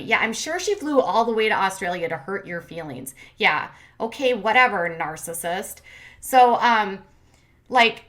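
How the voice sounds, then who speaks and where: Her voice medium-pitched and a bit bright, a commentary channel host in her thirties recaps reality TV at normal speed, bluntly and sassily poking fun at the cast with exaggerated impressions.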